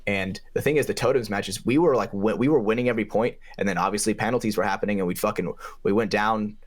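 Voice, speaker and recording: A young man with a fairly low voice tells a paintball story on a podcast. He talks loosely and swears a lot, and his pitch leaps up whenever he hits a punchline. His delivery is casual and fired-up. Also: fast. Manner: animated, profane, pitch jumps up for emphasis. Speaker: podcast co-host and paintball player.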